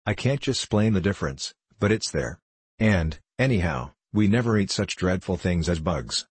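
A man's voice: low-pitched, lively intonation, normal speed, breathy edge, no room sound. Dorothy, an earnest farm girl, read by a man. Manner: earnest and prim. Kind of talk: audiobook character reading.

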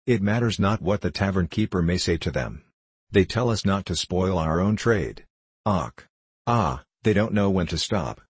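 A man's voice: deep voice, animated, normal speed, slightly rough, no echo. A man reading as a grumbling tavern keeper. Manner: confiding, grumbling. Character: wary old-world male tavern keeper. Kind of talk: audiobook character reading.

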